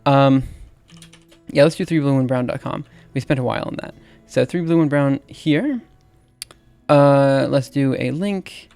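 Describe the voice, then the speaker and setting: A man's voice: mid-range voice, vocal fry, darkish tone. A man in his thirties from Alabama with a Southern accent, chatting casually on a livestream as he types, hesitant and full of fillers. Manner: halting, filler-heavy, laughs at himself. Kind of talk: casual livestream chat while typing. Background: faint music and keyboard typing.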